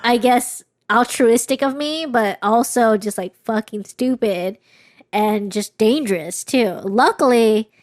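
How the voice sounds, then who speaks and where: This clean, echo-free studio recording features a young woman co-hosting a podcast in casual chat. Her voice sits on the high side, a little mellow and measured in pace, as she candidly rambles through a personal story with many restarts.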